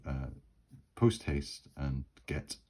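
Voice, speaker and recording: A dutiful male guard at the keep, answering formally, as a man voices him in his game. The voice is extremely deep and husky. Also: expressive, very slow, darkish tone, heavily acted.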